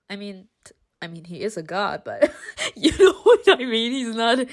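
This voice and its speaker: A woman's voice: on the high side, big pitch swings, unhurried. A young woman playing a story game, reading it aloud and reacting with giggly, playfully indignant outbursts. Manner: giggly, playfully indignant, over-the-top protective. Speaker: game streamer.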